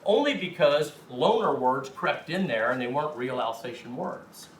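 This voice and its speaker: A man teaching a language class talks to a roomful of students in a casual, emphatic lecture. His mid-range voice is animated and moderately paced, and the echoey room and distant mic come with a little hiss or hum.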